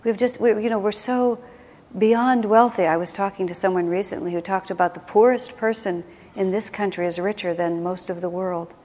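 A woman's voice: mid-range voice, normal speed, darkish tone. A woman leading a spiritual class, speaking conversationally and reflectively, often restarting her sentences. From United States. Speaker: spiritual teacher. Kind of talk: teaching a class. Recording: long hall reverb.

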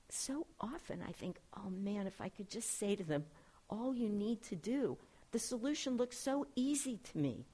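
A middle-aged woman, a spiritual director, giving an earnest, gentle talk to a class and reading quotations aloud. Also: mid-range voice, slightly rough.

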